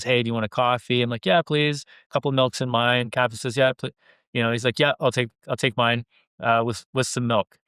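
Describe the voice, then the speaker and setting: A man's voice: medium pitch, fairly bright tone, clear, resonant tone, dry recording. A man, an airline pilot and leadership coach, animatedly telling a workplace story with quoted dialogue on a podcast. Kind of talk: conversational storytelling.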